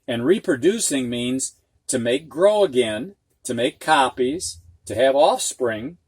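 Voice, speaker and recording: A man teaching reading at a slow, unhurried pace, patiently sounding out long words syllable by syllable. His voice sits at an ordinary pitch and is recorded dry and close, with no room echo. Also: expressive, breathy edge. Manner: slow, patient, spells out syllables and gives example sentences.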